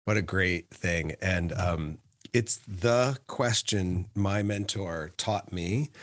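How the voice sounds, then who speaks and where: Enthusiastic low-voiced male podcast host. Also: dry recording. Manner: enthusiastic, lively, with fillers. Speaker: podcast host and music therapist. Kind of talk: casual interview chat.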